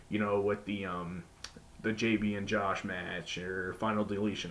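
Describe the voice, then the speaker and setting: In a loose spoken review of a wrestling show, a man rambles with plenty of fillers and restarts, now and then acting out quotes in sudden high-pitched voices. There's a bit of hiss or hum in the audio.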